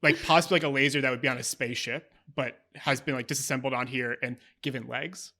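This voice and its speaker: A man's voice: mid-range voice, fairly even intonation, quick pace, sharp tone. A man narrating as game master of a tabletop game, describing scenes with many fillers.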